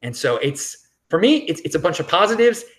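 Casual commentary, blunt, dismissive, repetitive emphasis, animated pitch. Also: fairly quick. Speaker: vlogger.

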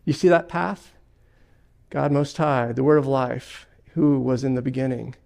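Male pastor preaching in church; fry in the voice, emphatic delivery with repetition. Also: mid-range voice, steady tone, a little slow, a little mellow. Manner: emphatic preaching with repeated phrases and personal stories. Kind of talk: sermon. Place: church sanctuary.

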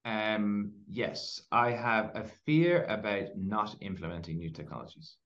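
Lower-voiced man telling animated stories. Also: a little slow, lo-fi sound. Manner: animated storyteller, lots of fillers. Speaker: podcast guest. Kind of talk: casual interview storytelling.

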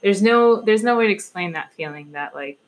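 A pregnant woman in her thirties chatting casually with a friend, relaxed and quick to laugh. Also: medium pitch. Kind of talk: casual chat.

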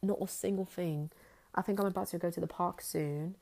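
A woman's voice: lowish voice, fairly even intonation, a little fast, darkish tone. A woman vlogger and teacher chatting to viewers in a put-on British accent, rambling with lots of fillers. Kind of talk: casual chat to viewers.

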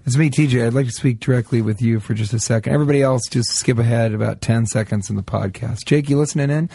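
A man's voice: medium pitch, fast, gravelly, few pauses, dark tone, slightly rough, dry recording. A man hosting a podcast, riffing and joking in casual chat with mock outbursts. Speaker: podcast host.

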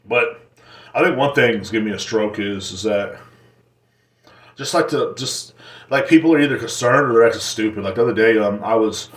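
A man's voice: fairly low pitch, moderate pace, fairly bright tone. A man hosting a podcast alone, talking in a casual, rambling and profane way while joking as he goes. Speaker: podcast host. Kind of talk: casual solo rant. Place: seated indoors in a chair. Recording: roomy echoing room.

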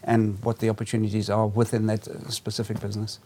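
A man who coaches business owners, speaking in a measured way with frequent pauses and restarts in a casual interview. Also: on the low side, completely flat delivery, warm tone.

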